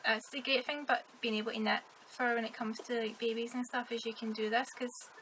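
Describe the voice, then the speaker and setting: A woman's voice: fairly high pitch, flat delivery, fairly quick, a bit bright, slight background noise, poor audio. A woman with a Scottish accent, a guest on a podcast, chatting casually and laughing often. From Scotland. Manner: giggly, friendly back-and-forth. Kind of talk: casual chat.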